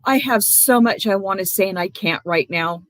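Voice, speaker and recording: A woman's voice: mid-range voice, moderate pace, a bit bright, dry recording. A woman hosting her own livestream, angrily calling out people by name with lots of swearing. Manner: confrontational, swearing, calls out viewers by name. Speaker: livestream host. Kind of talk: angry livestream rant.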